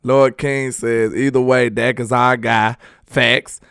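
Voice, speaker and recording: A man's voice: mid-range voice, level tone, slow, gravelly, fairly bright tone, smooth, dry recording, clean studio sound. A man hosting a casual sports live stream, reading viewer comments aloud in a loose, slangy, repetitive way and laughing often.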